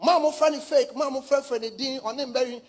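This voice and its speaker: A man's voice: extremely high pitch, normal speed. A man preaching a fiery sermon with a live interpreter, emphatic and repetitive, firing rhetorical questions at his listeners.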